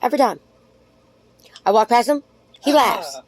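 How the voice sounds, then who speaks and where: A woman's voice: a little high, big pitch swings, moderate pace. A woman vlogging casually to camera, chatty and rambling, affectionate and frank, with casual swearing.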